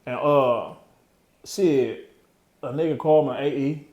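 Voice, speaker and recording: An interview guest in his thirties tells his own story openly, leaning on slang and street talk and frequently letting sentences trail away. His mid-range voice is a little mellow and unhurried, captured in an echoey room.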